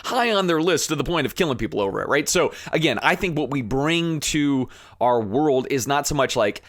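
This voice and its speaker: A man hosting a podcast, talking in an earnest, conversational way, with fillers and restarts, sometimes growing fired up and animated. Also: mid-range voice, a little fast, no room sound, studio quality. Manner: rising to animated emphasis when fired up. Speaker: podcast host. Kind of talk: impassioned podcast monologue.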